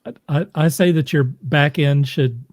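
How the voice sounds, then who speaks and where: A man hosting a podcast interview, talking in halting, stop-start phrases. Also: a little high, darkish tone, no room sound. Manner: halting, with many restarts. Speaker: podcast host.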